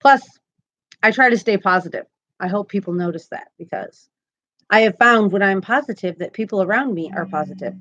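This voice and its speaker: A woman's voice: medium pitch, brisk, fairly bright tone, dull audio. A woman hosting a crochet live stream, chatting casually and upbeat, often laughing as she talks. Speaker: crochet channel host.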